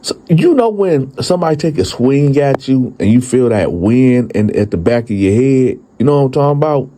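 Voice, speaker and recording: A man telling his own story in a casual, profane, animated way, speaking straight to his listeners. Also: medium pitch, moderate pace, slight background noise.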